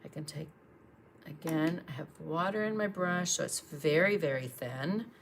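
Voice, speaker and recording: A woman's voice: low-pitched, moderate pace, slight background noise. A woman, chatting and encouraging while she demonstrates painting on a livestream.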